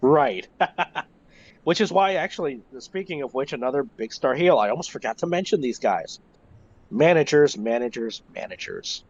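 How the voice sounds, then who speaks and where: Man, wrestling historian, casual storytelling, animated, swears freely, muffled lo-fi chat audio. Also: fairly high pitch, normal speed.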